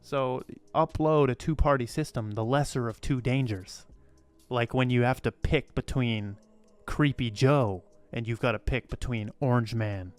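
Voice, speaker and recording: Over faint music and with no echo, a man hosting a crypto channel gives casual commentary to camera in an unhurried, medium-pitched voice. He's emphatic and blunt, swears freely, rambles and says things more than once.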